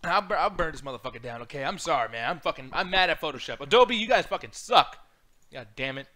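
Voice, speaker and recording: A man hosting a casual online chat show, loud and profane, switching between joking and ranting. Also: fairly high pitch, expressive, fast talker. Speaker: podcast host.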